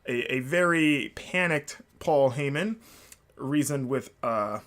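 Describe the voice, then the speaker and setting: A man hosting a solo podcast, talking casually at a middle pitch. He rambles and restarts often, with plenty of fillers, and he sounds openly enthusiastic. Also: slow, a bit bright. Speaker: podcast host.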